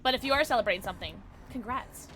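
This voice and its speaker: A bubbly woman streamer talks to her chat at a desk mic while she plays, tossing out playful slang. Her voice is bright and ringing, and it sits a little high for a woman. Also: animated, quick pace, a little hiss or hum. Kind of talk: live gameplay commentary with chat.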